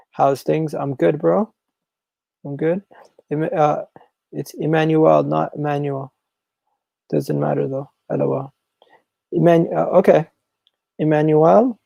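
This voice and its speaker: Gravelly-voiced man hosting a football stream. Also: on the high side, no echo, low-quality recording. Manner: repetitive, restarts phrases, animated and chatty. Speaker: football channel host. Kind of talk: live stream chat reading comments.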